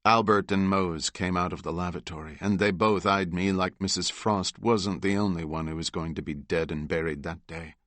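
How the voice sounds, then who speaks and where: A man with a low voice reads a novel aloud in the first person. His telling is steady and measured, recorded dry and close. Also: dry recording. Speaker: audiobook narrator. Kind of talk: first-person audiobook narration.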